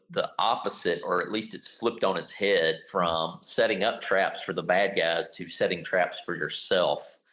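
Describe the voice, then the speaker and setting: Brief: middle-aged male podcast co-host, very low voice, reads listed points and jokes at his own stumbles. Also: a bit bright, low-quality recording. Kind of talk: casual chat, reading a list aloud.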